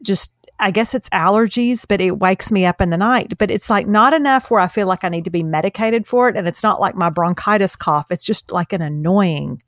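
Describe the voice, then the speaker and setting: A woman's voice: mid-range voice, brisk, few pauses, no echo, clean studio sound. A woman co-hosting a podcast in casual chat, rambling through her thoughts with plenty of "like.". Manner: rambling, many "like" fillers. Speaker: podcast co-host.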